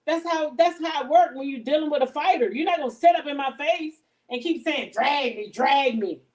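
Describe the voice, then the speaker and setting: On a casual home livestream, a middle-aged woman cooks and talks bluntly, swearing freely. Her slightly high voice is a little fast and a little mellow. Standing back from the phone, she sounds somewhat distant and off-mic.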